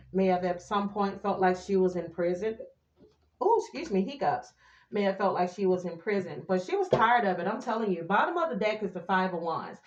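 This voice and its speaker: A woman's voice: medium pitch, roomy sound, highs cut off. A woman doing a casual tarot reading for her viewers, sassy and chatty, now and then singing a few lines. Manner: chatty, sassy, breaks into snatches of song. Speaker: tarot reader.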